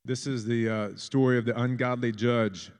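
A man preaching a sermon in a fervent manner, building to loud, emphatic peaks. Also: medium pitch, fairly even intonation, normal speed.

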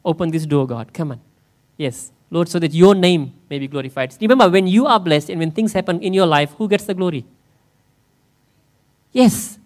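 A man's voice: on the high side, normal speed, darkish tone. A man in the role of pastor, preaching a conversational sermon in church and often asking his listeners questions. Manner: conversational, asks the congregation questions.

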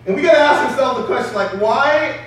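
A man preaching a sermon in a lively, conversational way with street slang. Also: extremely high pitch, brisk. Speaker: pastor. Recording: echoey hall from far off.

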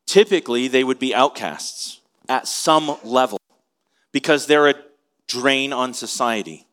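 A man's voice: medium pitch, animated, measured pace, fairly bright tone. Male pastor, conversational sermon delivery, mid-range voice, asks questions. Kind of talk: expository sermon.

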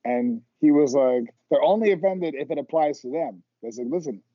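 A man's voice: fairly high pitch, lively intonation, moderate pace, dark tone, no room sound, muffled recording. A man co-hosting a casual podcast chat, enthusiastic and jokey. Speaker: podcast co-host.

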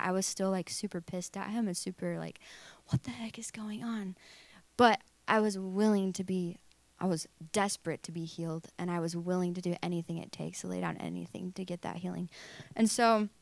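A young woman tells her own faith story in an open, rambling way, full of fillers and little acted-out quotes. Her voice sits at a middling pitch and the recording is dry, with no room sound around her. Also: no room sound. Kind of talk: personal testimony.

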